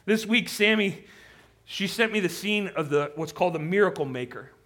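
A man's voice: sits high, expressive, moderate pace. A man preaching a sermon with impassioned delivery, rising to pleading intensity. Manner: impassioned, rising to near-shouted pleading when quoting. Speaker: pastor.

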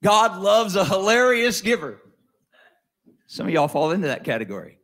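A man preaching a sermon in a conversational way, slowing down and rising to stress key words, then dropping low for asides. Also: big pitch swings. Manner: conversational with wide swings in pitch and loudness, slows to stress key words. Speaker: pastor.

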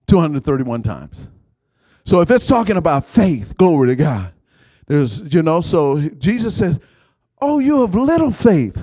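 A man preaching a sermon in call-and-response style, prompting the congregation to finish his lines and rising to shouts. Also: a little high, no room sound.

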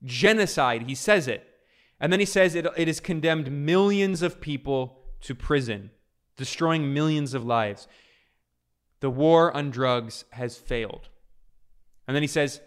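A man's voice: fairly high pitch, animated, measured pace, smooth. A man hosting a political commentary video, reading out a speech and explaining it, emphatic and repeating key phrases for stress.

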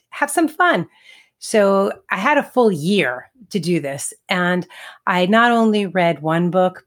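Chatty middle-aged woman telling a story. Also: on the low side. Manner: chatty, laughs between thoughts, acts out quotes. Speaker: podcast co-host and medium. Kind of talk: casual storytelling conversation.

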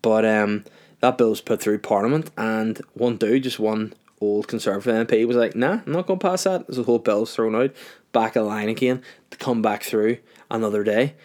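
A man's voice: on the low side, little pitch movement, normal speed, a little mellow. A young man hosting a solo podcast, rambling and swearing casually, a bit tipsy after a few wines. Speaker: podcast host.

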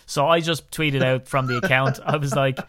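A man's voice: medium pitch, fairly even intonation, normal speed, a bit bright. An Irish man hosting a podcast in casual chat, talking in a chatty, ranting way that gets worked up. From Ireland. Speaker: podcast host.

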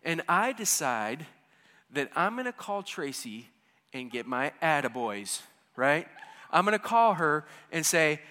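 A man in his fifties tells a funny story from his own life, dropping to hushed asides and then rising into loud, excited bursts. His voice is fairly high and bright. It rings out with a long echo, as in a large hall. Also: a little slow. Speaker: storyteller speaking to an audience. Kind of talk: humorous personal storytelling.

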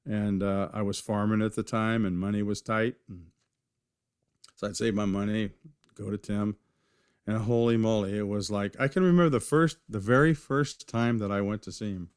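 Low-voiced man telling rambling stories. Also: steady tone, normal speed, smooth, no room sound, studio quality. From California, USA. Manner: rambling, with many restarts and fillers. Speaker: knifemaker guest. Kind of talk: casual interview storytelling.

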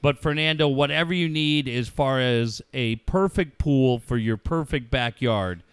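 Radio cohost guy, jokey, reads fake fan letters, smooth clean voice. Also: mid-range voice, unhurried, no room sound, clean studio sound. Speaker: radio show co-host. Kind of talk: casual talk with sponsor reads.

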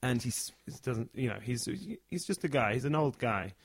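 A man telling a funny story in a casual chat, animated and acting out the people in it. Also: mid-range voice, moderate pace, husky, no room sound. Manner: animated, acts out the characters.

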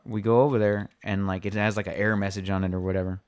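A man's voice: lowish voice, quick pace, slight background noise. A man chatting casually and telling a story, swearing often and acting out what other people said. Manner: swears a lot, animated storytelling with acted-out quotes. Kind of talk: casual chat.

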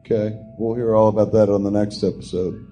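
A man's voice: lowish voice, level tone, fairly quick, warm tone, soft background music. Man co-hosting, teasing and asking questions. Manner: teasing, steers the talk. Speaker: podcast co-host. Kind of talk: casual chat, asking questions. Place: small live podcast theatre.

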